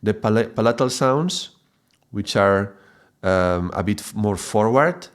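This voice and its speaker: Guy teaching, lowish voice, stops and restarts a lot, keeps saying yeah?. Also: lively intonation. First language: Spanish. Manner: halting, often repeats and restarts words, checks in with "yeah?". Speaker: mantra teacher. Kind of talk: explanatory video lesson.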